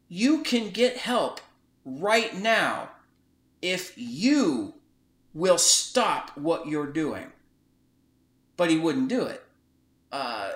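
Man telling a story in an echoey room. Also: on the high side. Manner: animated retelling, acts out quoted dialogue. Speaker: podcast host. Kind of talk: casual storytelling chat.

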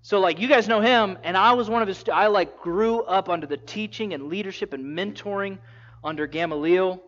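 A man preaching a sermon, retelling a story in a lively, casual way and acting out the quotes. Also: sits high, fairly quick. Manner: animated storytelling, acts out quotes in casual voices. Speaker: pastor. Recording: dull lo-fi sound.

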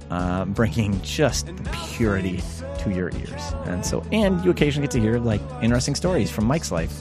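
Lively, rambling male podcast co-host. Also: medium pitch. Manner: rambling storyteller with laughs and fillers. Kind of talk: casual chat.

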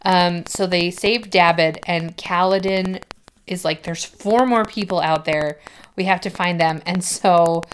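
A woman on a casual podcast retells a book chapter, quoting the characters and floating her own theories. Her voice sits on the lower side, with a faint hiss in the background. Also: a little slow, rough recording. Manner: relaxed, quotes characters, guesses at theories.

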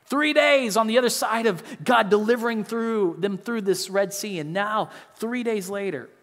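High-voiced preacher man in a reverberant hall. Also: normal speed, fairly bright tone. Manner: earnest preaching with many restarts and repeated words. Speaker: pastor. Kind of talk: sermon.

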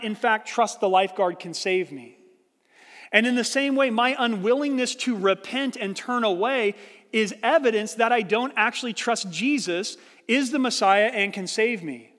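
A man's voice: very high-pitched, moderate pace, a bit bright, in a large hall. A male pastor giving a sermon, telling an illustration with acted-out quotes and explaining it earnestly.

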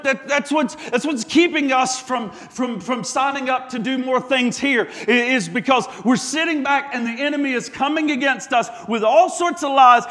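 A male pastor with a very high voice preaches with passion, stacking phrase on phrase and restarting mid-thought. His voice carries a long reverb, as in a large church hall. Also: pushed and bright. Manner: impassioned, piling up repeated phrases, with stumbles and restarts. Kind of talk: sermon.

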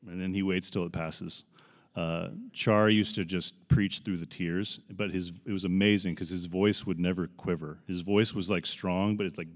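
A man's voice: deep voice, long reverb tail. A man in his forties preaching a sermon, earnest and emotional, talking casually between scripture readings. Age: 40s. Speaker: pastor.

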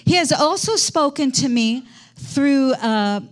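A middle-aged woman pastor with a high voice gives a conversational sermon in a church. She tells stories in a chatty way and keeps asking her congregation questions. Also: lively intonation, takes it slowly. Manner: conversational preaching, quizzing the congregation.

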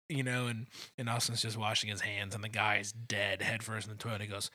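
Guy chatting about a movie, lowish bright voice, laughs a lot, dry close mic. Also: fairly even intonation, brisk, few pauses, no echo. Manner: laughs often, acts out movie quotes in high silly voices. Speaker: podcast co-host. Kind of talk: casual movie chat.

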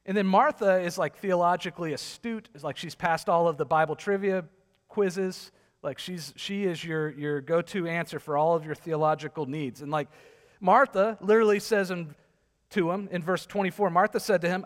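A man's voice: on the high side, normal speed. A man preaching a casual, conversational sermon, retelling a scripture story with lots of "like" and acted-out quotes. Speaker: pastor. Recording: long hall reverb.

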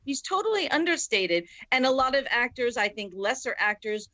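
A woman's voice: fairly high pitch, big pitch swings, normal speed, a bit bright, dry recording, lo-fi sound. A woman co-hosting a casual movie podcast, talking emphatically and gushing about actors. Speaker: podcast co-host.

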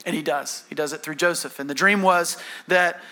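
Bright high-voiced man preaching a sermon. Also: moderate pace. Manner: animated storytelling, acting out characters' lines. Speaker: pastor.

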